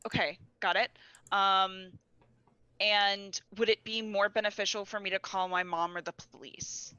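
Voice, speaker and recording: A woman's voice: medium pitch, steady tone, measured pace, sharp tone, smooth, no room sound, dull audio. A woman player in a tabletop role-play who speaks hesitantly and thinks aloud.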